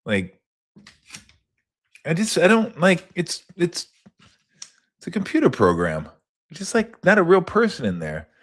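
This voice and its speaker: A man hosting a sports talk show in casual chat, rambling and profane, wandering into tangents with loud bursts. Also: a little high, wildly swooping pitch, measured pace, pauses often.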